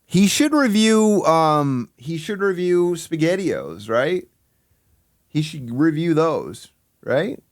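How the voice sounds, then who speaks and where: A man hosting a live stream, ranting with heavy swearing and swinging between loud outbursts and low mutters. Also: big pitch swings, takes it slowly, no echo, clean studio sound. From Michigan. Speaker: livestream host. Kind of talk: casual stream commentary.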